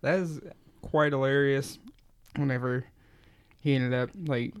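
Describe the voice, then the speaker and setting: A man's voice: medium pitch, fairly even intonation, unhurried, clean tone. A man in his twenties co-hosting a podcast, telling a rambling story with frequent laughs. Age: 20s. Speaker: podcast co-host. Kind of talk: casual chat.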